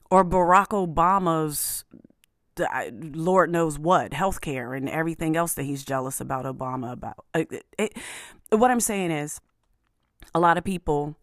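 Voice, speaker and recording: A woman's voice: sits low, dry recording, studio quality. A woman hosting a show, talking through the news in a casual, emphatic way with many fillers and restarts. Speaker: podcast host. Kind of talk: casual commentary monologue.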